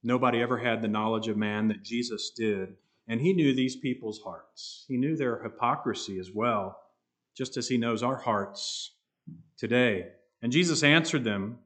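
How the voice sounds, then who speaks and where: A man preaching an expository sermon, earnest and emphatic, slowing down to stress key words. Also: mid-range voice. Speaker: pastor.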